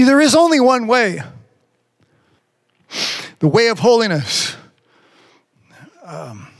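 A man preaching a sermon as pastor, reading scripture slowly and climbing in pitch when he presses a point. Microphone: remote stream from a device on batteries.

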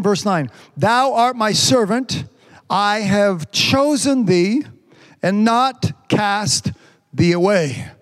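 A man preaching a sermon, reading scripture slowly and stretching the words, with frequent amens. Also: high-pitched, big-room sound. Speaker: pastor.

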